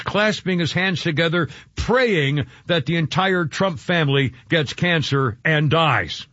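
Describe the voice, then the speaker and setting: A man's voice: on the high side, fairly bright tone, no echo. A man hosting a talk radio show, ranting indignantly and rambling with many fillers, heard over a dull lo-fi broadcast.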